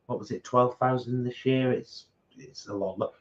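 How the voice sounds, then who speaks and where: A man's voice: mid-range voice, steady tone, moderate pace. Blunt, outspoken man. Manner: blunt, outspoken, mocking impressions of critics. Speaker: co-host. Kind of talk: casual mukbang chat. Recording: slightly dull home recording.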